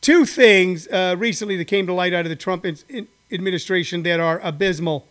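A man's voice: sits high, brisk, a bit bright. An older man hosting a podcast, giving rambling, opinionated commentary. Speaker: podcast host. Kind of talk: casual political commentary.

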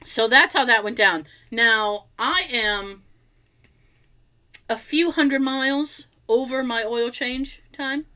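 In casual chat, a woman with a voice on the high side slowly tells an everyday story with plenty of animation. She acts out both sides of the dialogue and swears freely.

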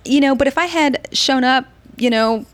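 A woman's voice: sits high, moderate pace. A woman guest on a podcast who explains her ideas earnestly and with animation, often adding "you know". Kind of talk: casual conversational interview.

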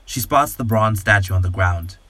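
Calm man narrating a night story. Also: on the low side. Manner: calm, slow, soothing guided-imagery delivery. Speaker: podcast host and narrator.

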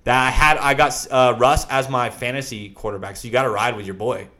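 A young man telling a story in a casual chat, swearing freely and acting out his panic with loud shouts. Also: medium pitch, a little fast. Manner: profane, animated storyteller with shouted reenactments.

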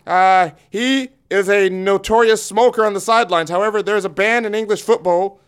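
A man with a high, clean, smooth voice co-hosts a casual sports podcast. He bosses his partner around and reads quick sports facts with dry asides. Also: a bit bright, faint music behind. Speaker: co-host reading sports facts.

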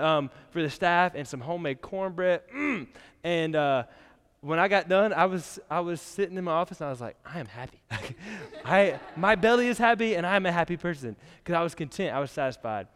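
The recording, full of long church reverb, captures a young pastor giving a relaxed, talkative sermon punctuated by frequent laughter and many fillers. His voice is on the high side, clean and fairly bright.

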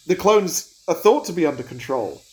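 A woman's voice: sits low, big pitch swings, a little mellow. A woman hosting a casual film review chat, joking and acting out silly scenarios. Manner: jokey, quick to act out silly scenarios. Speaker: podcast host.

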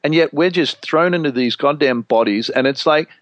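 Animated, swearing man telling stories. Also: fairly high pitch, normal speed, hardly any pauses, no echo, muffled recording. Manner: animated storyteller, swears freely, mimics voices for effect. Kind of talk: casual spiritual conversation.

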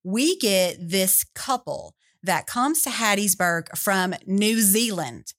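A woman's voice: medium pitch, lively intonation, takes it slowly, fairly bright tone. Lady, tourism director, chatty and upbeat, tells a good story with lots of ums. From Mississippi, USA. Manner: enthusiastic, chatty, with fillers. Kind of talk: radio interview storytelling.

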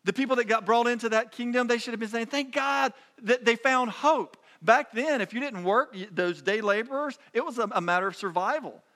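A man's voice: very high voice, quick pace, few pauses, a bit bright. A man preaching a sermon in a conversational, emphatic way, often restarting his phrases. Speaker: pastor.

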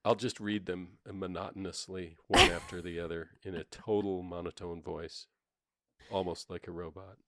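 A man's voice: sits low, fairly even intonation, moderate pace, bright, forceful tone, no room sound, clean studio sound. A man co-hosting a podcast, joking and rambling in casual chat. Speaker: podcast co-host.

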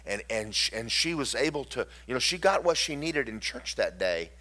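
A man preaching a sermon, swinging from loud declarations to hushed, tender storytelling. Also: medium pitch, very animated, moderate pace.

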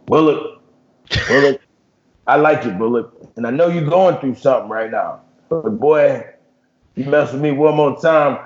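A man putting on the voice of a gruff, blunt older male football coach with a drawl. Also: medium pitch, normal speed, long pauses, reverberant, lo-fi sound, voice pushed up, lightly acted. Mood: threatening.

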